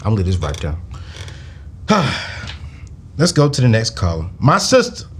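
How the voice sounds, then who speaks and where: A man's voice: lowish voice, normal speed, slight background noise. A man hosting a live call-in finance show, joking and preacherly. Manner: animated, preacherly, slangy and joking. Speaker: host.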